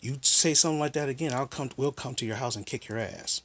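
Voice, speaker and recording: A man's voice: mid-range voice, fast, fairly bright tone. A man quoting an indignant angry woman. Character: angry young woman on the phone.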